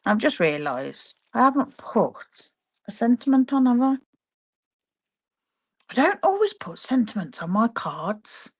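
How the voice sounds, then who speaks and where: A woman's voice: a little high, big pitch swings, measured pace, long pauses, husky. A woman demonstrating card making on a live stream from her home craft room, chatting to viewers as she works. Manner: chatty, talks to viewers while working. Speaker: papercraft demonstrator.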